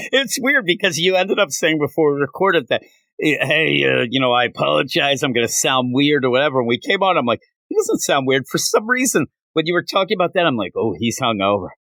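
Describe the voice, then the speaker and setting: A man's voice: on the high side, lively intonation, fairly quick, vocal fry, fairly bright tone, no echo. A man hosting a comics podcast, talking casually and animatedly, often repeating "I'm telling you.". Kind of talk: casual chat.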